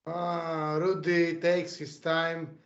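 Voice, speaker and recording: A man's voice: a little high, monotone, drawn-out words, lo-fi sound. A man playing a tabletop role-playing game, describing his character's actions. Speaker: player.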